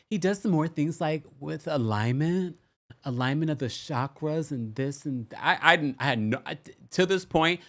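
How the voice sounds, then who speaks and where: A man hosting a casual chat show, recapping reality TV with animated talk, big pitch jumps and frequent laughter. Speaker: podcast host.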